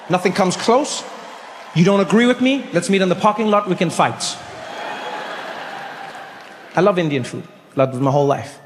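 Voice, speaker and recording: A man's voice: a little high, long reverb tail, slight background noise. A man doing stand-up, telling a story in a playful, conversational way. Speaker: comedian.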